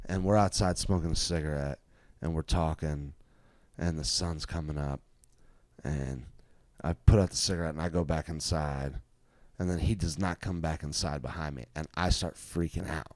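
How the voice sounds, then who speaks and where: A man tells a comic story on a podcast. He is animated and profane, often laughing into his own lines. The sound is dry and close. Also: very deep voice, normal speed, no room sound. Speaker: comedian guest.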